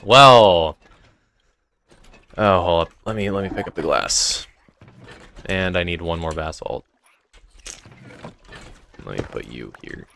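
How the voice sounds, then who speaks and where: A man's voice: sits low, sing-song, unhurried, vocal fry, long pauses, a bit bright, slight background noise. A young man live streaming a game, chatting loosely with his viewers and a sore throat. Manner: rambling, talks to chat between game tasks. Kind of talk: casual live-stream chat while gaming. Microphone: desk mic with noise gate.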